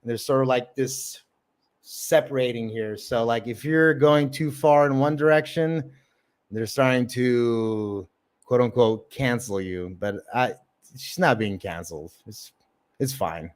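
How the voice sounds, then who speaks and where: A man's voice: medium pitch, unhurried. A man who does open mic comedy, hosting a casual livestream chat and rambling with lots of fillers and swearing. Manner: rambling, profane, filler-heavy. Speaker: livestream host.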